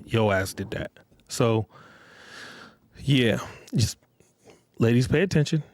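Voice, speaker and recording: In a slow, mid-range voice, a podcast host delivers a casual solo monologue laced with profanity and street slang, livening up when he mimics others. There is a little hiss or hum in the recording.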